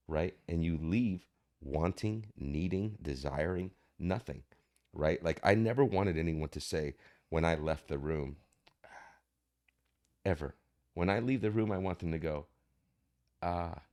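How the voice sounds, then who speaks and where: A man's voice: rumbling low, warm tone. A man guest on a podcast, talking reflectively and acting out the people in his stories. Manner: reflective storyteller who acts out quoted voices. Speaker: actor guest. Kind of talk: podcast conversation.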